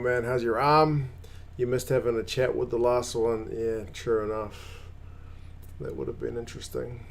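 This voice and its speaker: A man's voice: medium pitch, gravelly. A man hosting a live rugby watch-along, chatting casually, rambling and greeting viewers by name. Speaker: rugby channel host.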